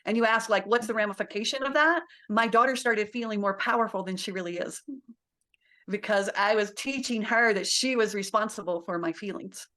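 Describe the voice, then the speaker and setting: A woman's voice: mid-range voice, fairly quick, pushed and bright. A middle-aged woman, a parenting guest, talking casually and laughing often as she acts out little quotes. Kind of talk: casual interview talk.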